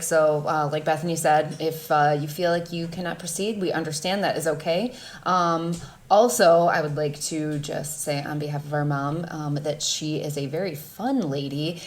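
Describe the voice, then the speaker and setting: A woman with a lowish voice co-hosts a casual podcast with her sister. She speaks in a steady, supportive way and paces herself carefully. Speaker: podcast co-host.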